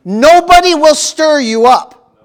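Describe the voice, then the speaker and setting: High-voiced, animated preaching man. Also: slow. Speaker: pastor. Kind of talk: sermon. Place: church.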